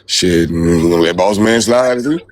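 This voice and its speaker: Man guest, casual chat, low-ish voice, indignant and pressing, dry close sound. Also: moderate pace, dry recording.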